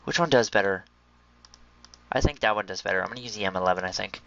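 A young man giving chatty, excitable commentary on a video game and talking to his viewers. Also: fairly low pitch, quick pace, vocal fry, lo-fi sound. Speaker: gameplay commentator. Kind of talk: casual gaming commentary.

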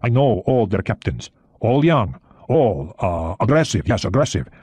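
A man voicing a seasoned, commanding Soviet submarine captain who talks deliberately in an audiobook reading. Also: on the low side, very animated, darkish tone, slightly rough, no echo. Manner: commanding, deliberate, with small hesitations.

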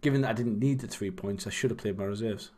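A man's voice: lowish voice, fast, a little mellow. Young man, chatty, rambling, self-deprecating, streaming commentary. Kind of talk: casual game commentary.

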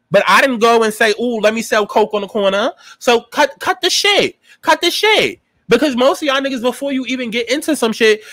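Sassy high-voiced New man. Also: pushed and bright, no echo. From New York. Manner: sassy, profane, dramatic. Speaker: TV show reviewer. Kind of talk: casual commentary.

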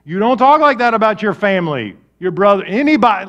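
A man preaching a sermon, swinging from loud, animated storytelling to quiet, low emphasis. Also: brisk, lo-fi sound. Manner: lively preaching with big swings in volume. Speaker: pastor.

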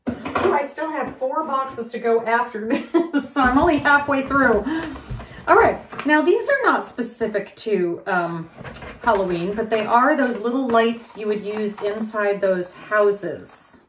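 A woman's voice: on the high side, animated, measured pace, fairly bright tone. A chatty woman talks her way through an unboxing, rambling and thinking aloud as she goes and laughing now and then. She is recorded in a roomy, echoey space at home, with a faint hiss underneath. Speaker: reseller unboxing grab bags. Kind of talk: casual unboxing vlog.

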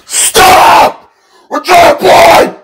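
A man's voice: very slow, a bit bright, echoey room, shouting, distant mic, a faint crowd, a little hiss or hum. A man voicing an explosive, foul-mouthed male student who screams insults at everyone. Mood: furious. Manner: screaming insults, shrill outbursts.

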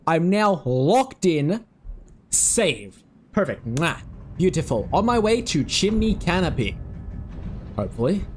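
Excitable man with a lively voice. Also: on the high side, slow, long pauses, a little hiss or hum. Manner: excitable, swears freely, chats to game creatures. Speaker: let's play host. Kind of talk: casual gaming commentary.

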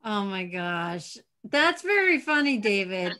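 A woman hosting a casual talk show over a video call, chatty and quick to laugh. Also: mid-range voice, sing-song, sharp tone. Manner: giggly, bubbly, quick to laugh. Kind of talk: casual chat.

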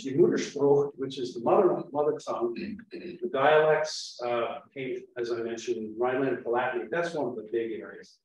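Male lecturer, mid-pitched, explains patiently; recorded from afar in a booming room. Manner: explains patiently, repeating foreign words aloud. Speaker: guest lecturer. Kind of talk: informal lecture. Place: meeting room. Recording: very echoey room, mic far off.

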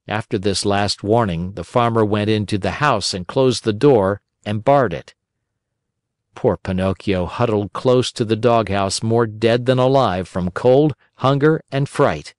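A man narrating a children's storybook in a gentle, unhurried voice. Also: on the low side, no room sound, clean studio sound. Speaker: audiobook narrator.

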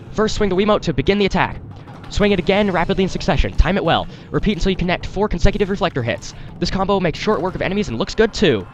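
A man's voice: high-pitched, slight background noise. A man voicing a stern old male dojo master who speaks in a formal, solemn way in a video game.

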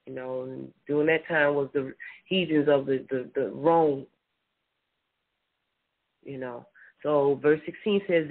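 A preacher reads scripture during a casual Bible lesson, frequently repeating words and affirming with soft mm-hmms. Heard through a tinny phone line, the voice has a medium pitch, a measured pace, and frequent pauses.

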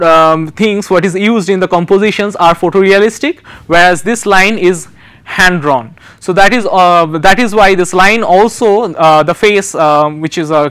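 A man giving a recorded design lecture, explaining slides in a halting way with many pauses and restarts. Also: high-pitched, fairly bright tone, clear, resonant tone.

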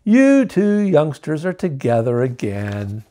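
A man reading aloud voices a gentle young woman who loves nature, speaking sweetly and sorrowfully. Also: a little high, huge pitch swings, slow, slight background noise, heavily acted. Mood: cooing.

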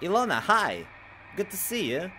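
Man, game streamer, casual chat with viewers, excitable, bright sharp tone, fairly high voice. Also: normal speed, a little hiss or hum. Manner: excitable and restless, swings from mutters to loud outbursts. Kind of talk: casual live-stream chat, reading chat aloud.

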